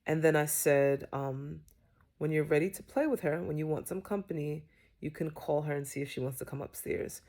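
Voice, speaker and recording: Low gravelly-voiced woman. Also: a little mellow. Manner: unhurried, chatty with frequent fillers. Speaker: parenting creator. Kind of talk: casual personal storytelling.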